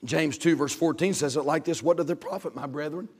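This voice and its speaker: A man preaching as a pastor, impassioned and repeating his phrases, rising to shouts at the high points. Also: fairly quick, husky. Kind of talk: sermon. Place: church sanctuary. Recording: long reverb of a church hall.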